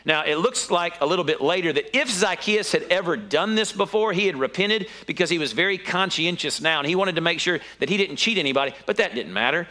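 A man preaching a sermon, telling the story in an animated way with sudden high exclamations. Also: a little fast, few pauses.

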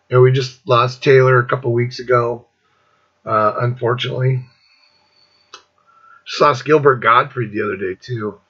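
A man's voice: a little high, pushed and bright, lo-fi sound. A man in his fifties hosting a casual rant, blunt and profane, rambling between thoughts. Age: 50s. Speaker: host.

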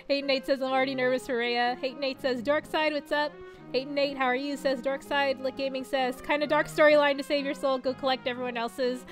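A chatty woman with a high voice talks casually through a live game stream, giggling as she reads chat aloud. Game music plays clearly behind her. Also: steady tone, moderate pace.

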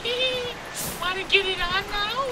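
A man putting on a high squeaky falsetto to voice a sassy, bossy female imp companion with crude, teasing lines. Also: a little slow. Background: game music.

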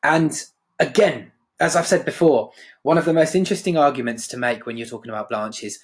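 A man's voice: mid-range voice, a little fast. A man teaching a literature lesson in a conversational way, often checking in with "right?".

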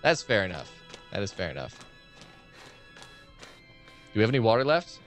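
A man's voice: fairly low pitch, sing-song, normal speed, soft background music. A man chatting loosely with viewers while streaming a horror game, rambling and swearing freely. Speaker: gaming live streamer. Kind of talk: casual live-stream game commentary.

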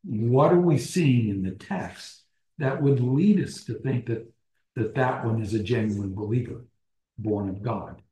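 A man teaching a small-group Bible study, deliberate, restating phrases and posing questions to the group. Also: mid-range voice, warm tone. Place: church meeting room. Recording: roomy echo.

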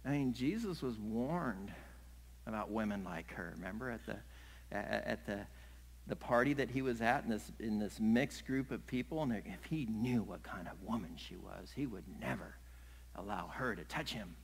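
A middle-aged man, a pastor, preaching a sermon in an animated way, acting out little scenes and laughing along the way. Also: lowish voice, moderate pace, gravelly, husky, low-quality recording.

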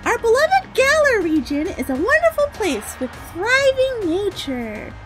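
Lady reading a big welcoming announcer guy, proclaiming, bouncy and high. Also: huge pitch swings, a little slow, music in the background, heavily acted. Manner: reading game dialogue aloud, announcer-like.

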